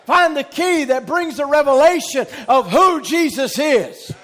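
A middle-aged man with a Southern US accent preaching a sermon, emphatic and repetitive, calling out amen and rising to shouts. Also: very high-pitched, expressive, a little slow. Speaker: pastor.

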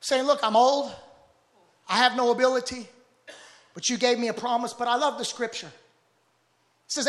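A man preaching a sermon with fervent, rhythmic repetition that builds to shouts. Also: very high voice, fairly even intonation, normal speed, pauses often.

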